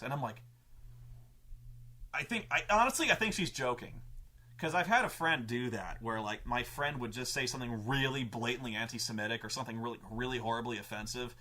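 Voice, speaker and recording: A man's voice: medium pitch, fairly quick, sharp tone. A man telling a tabletop gaming story in a casual, profane, rambling way, full of restarts and stammered repeats. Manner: profane and emphatic. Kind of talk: casual anecdote.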